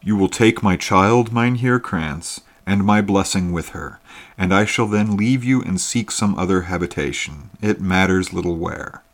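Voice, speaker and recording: A man reading the part of a grim, secretive middle-aged hunter in a story, in a low and deliberate way. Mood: solemn.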